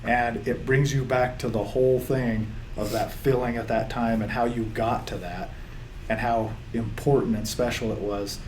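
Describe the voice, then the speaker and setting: A man's voice: medium pitch, fairly even intonation, moderate pace, a little mellow, a little hiss or hum. A man, a football coach, speaking in an interview, rambling with restarts and reliving his team's season. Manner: gets choked up, laughs through tears. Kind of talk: emotional interview reflection.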